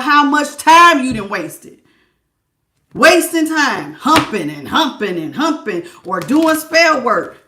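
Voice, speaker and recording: Woman tarot reader on a live stream: high voice, blunt tough-love scolding, slangy, roomy echo. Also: sharp tone. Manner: calls listeners "baby", casual slangy talk.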